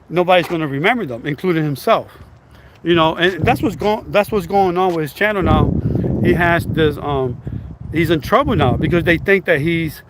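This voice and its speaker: Blunt, rambling man vlogging outdoors. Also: high-pitched. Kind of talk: casual commentary.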